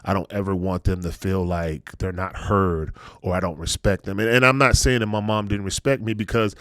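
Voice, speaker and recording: A man's voice: deep voice, steady tone, normal speed, fairly bright tone, dry recording, clean studio sound. A middle-aged man hosting a casual podcast chat, telling personal stories earnestly and dropping his voice when he turns reflective. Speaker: podcast host.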